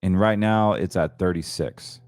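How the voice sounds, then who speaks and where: A man hosting a financial talk show, chatting casually and excitably about trades, often stumbling and restarting his sentences. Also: sits low, measured pace, dry recording. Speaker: host.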